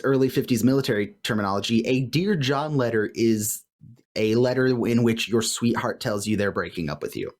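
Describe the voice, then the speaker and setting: A man co-hosting a podcast in casual recap chat, animated and laughing often as he quotes lines. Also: mid-range voice. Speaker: podcast co-host. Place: home room with light fan noise.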